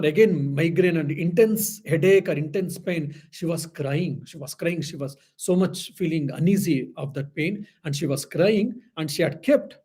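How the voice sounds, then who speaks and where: A man's voice: fairly high pitch, dark tone, husky. A man, a monk, giving an earnest spiritual talk, telling stories with many restarts. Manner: earnest storytelling with frequent restarts and "I mean". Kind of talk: storytelling spiritual lecture.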